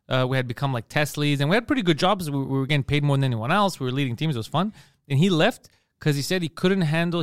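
A man's voice: on the high side, clean tone, no room sound, clean studio sound. A man hosting a casual comedy podcast who rants bluntly and profanely and acts out other people's voices.

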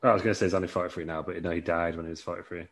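A man's voice: deep voice, flat delivery, racing. A man co-hosting a podcast in loose, rambling casual chat. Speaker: podcast co-host.

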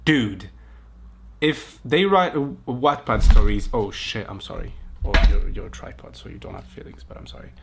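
A man's voice: medium pitch, big pitch swings, normal speed, noisy background. A man hosting a podcast, reading a romance story aloud and breaking off into giggly, mocking comments. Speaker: podcast host. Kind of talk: comic reaction reading.

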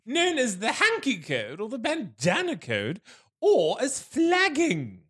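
A man's voice: very high voice, huge pitch swings, slow, pushed and bright, husky, pitched above the performer's own voice, heavily acted. A man putting on a strained, hammy voice as a pompous male marquis on a podcast.

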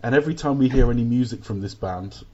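A man's voice: mid-range voice, fast, mellow. A man hosting a casual film podcast, chatty and often restarting his sentences. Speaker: podcast host. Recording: dull lo-fi podcast audio.

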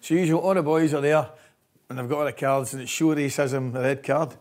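This man's voice sits a little high and moves fairly quickly, carrying a Scottish accent. A former football coach, he tells stories in an interview, laughing often and constantly checking in with "right?" as a lively storyteller.

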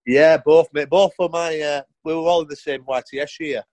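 A man's voice: fairly high pitch, fairly even intonation, moderate pace, a little mellow, no room sound, rough recording. A middle-aged man, a former footballer telling blunt, sweary stories in a casual interview. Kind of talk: casual anecdotal storytelling.

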